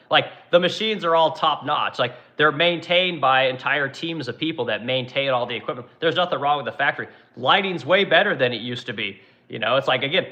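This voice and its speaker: A man holds forth on a ranting livestream, blunt and combative, cursing freely as he answers chat. His voice is bright and forceful, and the recording sounds dull and lo-fi. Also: on the high side. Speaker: furniture manufacturer and livestream host.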